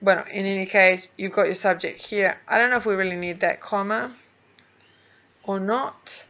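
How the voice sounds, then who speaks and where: A woman's voice: medium pitch, steady tone, normal speed, a bit bright, highs cut off. A woman whose first language is Spanish, an English teacher giving recorded feedback on a speaking task, patiently sounding out words for pronunciation.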